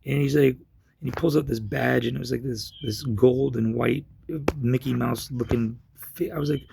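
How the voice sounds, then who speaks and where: A man with a gravelly, husky voice casually tells a long personal story, rambling and restarting often. His mid-range voice keeps fairly even intonation at a moderate pace, but grows loud when he retells his own yelling.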